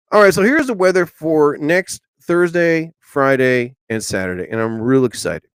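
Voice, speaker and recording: A man hosting a casual live stream, rambling excitably and swearing casually as he chats. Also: mid-range voice, smooth, no echo.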